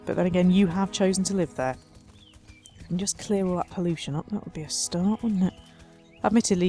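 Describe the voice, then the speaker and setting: A woman with an average-pitched voice talks her way through a city-building game. She speaks in a chatty, wry manner and addresses the tiny citizens directly. Faint music plays behind her. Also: a little mellow. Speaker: let's play host. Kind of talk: casual game commentary.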